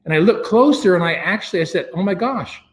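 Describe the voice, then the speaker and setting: A man telling a long personal story as an interview guest, animated and full of fillers and chuckles. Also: sits high, quick pace. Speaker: guest, venture capitalist. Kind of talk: casual anecdote telling.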